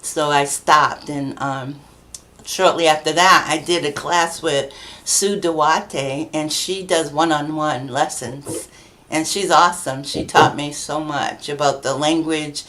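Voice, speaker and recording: Middle-aged woman, low voice, chatty storyteller who laughs a lot and plays out the voices of people she quotes; a podcast guest. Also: steady tone, takes it slowly, fairly bright tone, slight background noise. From New Bedford, Massachusetts, USA. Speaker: guest, children's book author. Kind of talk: casual conversational storytelling.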